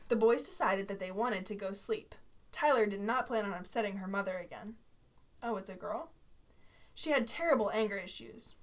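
A woman's voice: medium pitch, normal speed. Giggly woman reading a story aloud. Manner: giggly, reads with asides and corrections.

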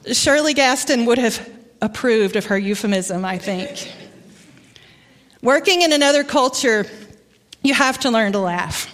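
A woman's voice: on the high side, lively intonation. Arkansas-accented woman preaching in a church. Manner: warm, conversational storytelling with pauses. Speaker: guest preacher. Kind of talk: sermon. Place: church sanctuary. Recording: long church reverb.

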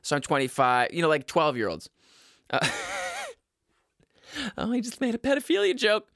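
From home, a twenty-something man vlogs dating advice straight to camera in a loose, crude, rambling monologue, restarting sentences and chuckling at his own jokes. His voice is a little high for a man, bright and tense, with big pitch swings at a moderate pace. The recording is dry and close, with no room echo.

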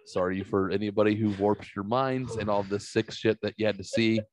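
A man's voice: fairly low pitch, level tone, brisk, a crowd in the background. A man hosting a podcast, chatting casually and profanely, mocking himself and rambling through stories. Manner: self-mocking, rambling storyteller. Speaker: podcast host.

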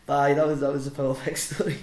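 A man's voice: a little high, level tone, quick pace, a little mellow, echoey room. A man, a podcast guest and wrestler, telling a sweary anecdote with frequent laughs. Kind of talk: casual storytelling.

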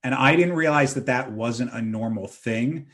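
A man's voice: medium pitch, moderate pace. A man in his thirties, a podcast host, telling self-mocking stories in a casual chat. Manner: animated, self-mocking storyteller.

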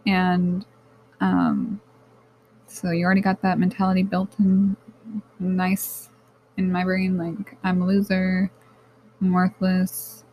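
A woman's voice: on the low side, slow, long pauses, mellow, a little hiss or hum, low-quality recording. A woman hosting her own podcast, talking candidly and rambling, swearing freely and addressing listeners as guys, close to tears. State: near tears. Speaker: podcast host. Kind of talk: personal podcast monologue.

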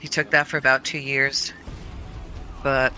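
Bright animated woman telling a story. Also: rumbling low, measured pace, slight background noise, poor audio. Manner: animated, laughs often. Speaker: guest storyteller, mother. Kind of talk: casual storytelling.

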